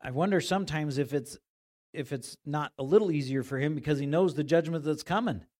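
A man preaching a sermon in a conversational way, growing animated when he retells the passage in everyday words. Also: a little high, a little fast. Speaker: pastor.

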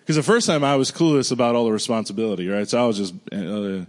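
A male pastor delivers a storytelling sermon in a conversational, earnest way. His voice sinks to a hushed murmur when he recalls his prayers and jumps up high in bursts of excitement. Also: fast talker.

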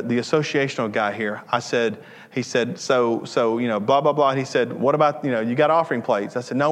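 A man's voice: medium pitch, in a large hall. A male pastor preaching a sermon with earnest, repetitive emphasis and joking asides. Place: church sanctuary.

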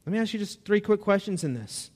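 A man's voice: high voice, expressive, fast talker, in a large hall. A man preaching a sermon to a congregation, talking in a conversational way and asking them questions. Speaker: pastor.

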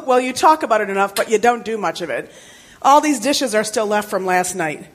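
A woman's voice: medium pitch, lively intonation, moderate pace, a little hiss or hum, close to an everyday voice. A woman playing an exasperated, sarcastic mother in a church skit. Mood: scolding.

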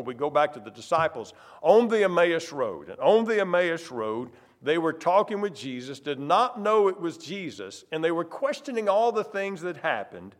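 A man preaching a sermon in a fairly high voice. His pitch rises and falls a great deal. He stresses key words with sudden loud, drawn-out phrases. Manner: emphatic, varies loudness and pace for stress.

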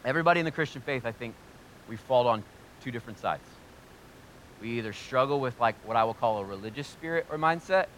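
Bright, forceful preaching man. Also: mid-range voice, quick pace, a little hiss or hum. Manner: energetic, joking and talking straight to the audience. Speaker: pastor. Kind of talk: sermon. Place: hall with a live congregation.

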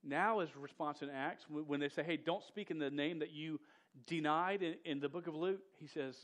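Male preacher, higher register; casual, emphatic delivery with frequent restarts and slang. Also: normal speed, fairly bright tone. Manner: slangy, says "dude" and "man". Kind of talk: sermon.

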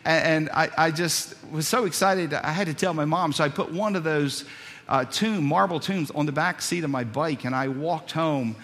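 A male pastor preaching a sermon, telling a story with many repeated words, swinging from loud to hushed. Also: a little high, moderate pace. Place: church sanctuary. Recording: long reverb of a church hall.

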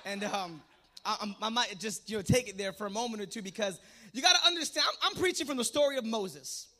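Very high, bright-voiced shouting preacher. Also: male voice, lively intonation, fast. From Puerto Rican. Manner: fervent, swinging between soft asides and shouted exhortation. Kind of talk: call-and-response sermon.

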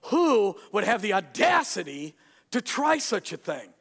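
A man's voice: high-pitched, very animated, a little slow, creaky, a bit bright, husky, in a large hall, voice pushed up, exaggerated voice. A man voicing an ancient king in a sermon retelling, in a raised, theatrical voice. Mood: outraged. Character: a Persian king, fond and commanding.

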